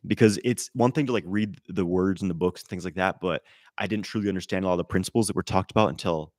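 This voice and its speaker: Low-voiced man, loose live-stream chat. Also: fast talker, no room sound, studio quality. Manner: loose and animated, swears, many fillers and restarts. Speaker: qigong teacher answering live chat questions.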